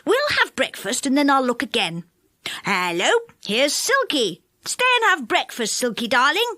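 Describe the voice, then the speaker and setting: A woman voicing a cheerful, friendly male character in a storybook reading, speaking briskly. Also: sits high, huge pitch swings, sharp tone, no echo, heavily acted. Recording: dry close studio sound.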